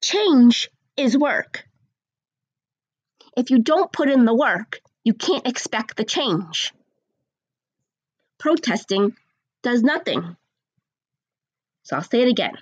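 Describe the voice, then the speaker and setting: A woman giving a blunt, sarcastic opinion rant, slowing down to stress her points. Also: on the high side, expressive, breathy edge, dry recording, lo-fi sound.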